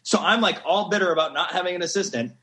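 A man on a podcast as a guest, telling an animated story in a rambling, excitable way and laughing often. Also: high-pitched, fast talker, a little hiss or hum.

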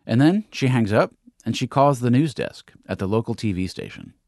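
A man's voice: mid-range voice, lively intonation, moderate pace, vocal fry, a little mellow, dry recording, clean studio sound. A man hosting an investigative podcast, telling the story in scripted narration with pointed emphasis. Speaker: podcast host and reporter.

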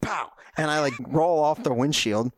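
A man's voice: medium pitch, fairly quick, no room sound, studio quality. A man on a podcast telling a story casually and animatedly, laughing as he goes.

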